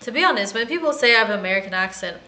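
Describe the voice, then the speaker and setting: A woman's voice: medium pitch, animated, racing, sharp tone, low-quality recording. A woman chatting casually and giggling as she plays a video game. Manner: chatty, giggly, self-mocking. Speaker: gaming streamer. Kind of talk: casual gameplay commentary.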